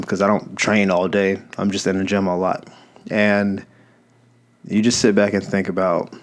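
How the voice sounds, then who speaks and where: Low-voiced man musing casually. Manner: conversational, rambling, self-correcting. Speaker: podcast host. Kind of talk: casual reflective monologue. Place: Los Angeles.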